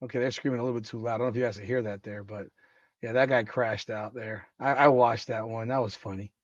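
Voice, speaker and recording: Hoarse and exhausted-sounding, a live sports podcast host fires off excited, foul-mouthed trash talk while going through the chat. He talks quickly at a medium pitch, and the audio is dry and lo-fi.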